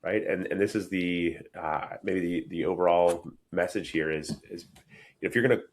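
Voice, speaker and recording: A man's voice: sits low, normal speed. A man hosting a podcast, making his point emphatically and restarting phrases as he thinks aloud. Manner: emphatic, repeats words while thinking. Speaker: podcast host. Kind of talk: conversational podcast discussion.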